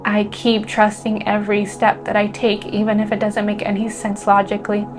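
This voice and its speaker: Emotional woman spiritual teacher, faint music. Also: fairly high pitch. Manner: earnest, emotional, rambling with many fillers and restarts. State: emotional, near tears. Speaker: spiritual teacher and energy healer. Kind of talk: heartfelt spiritual talk to camera.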